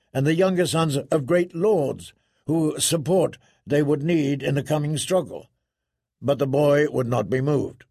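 A man reads fantasy narration in a measured, unhurried way. His voice is husky and gravelly, pitched slightly above average. The recording is dry and close. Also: no room sound. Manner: measured, even storytelling. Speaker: audiobook narrator.

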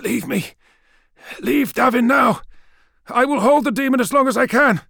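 A man voicing a dying heroic warlord who shouts strained commands in an audiobook. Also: very high voice, moderate pace, vocal fry, dry recording, studio quality, pitched above the performer's own voice, full character voice. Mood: commanding.

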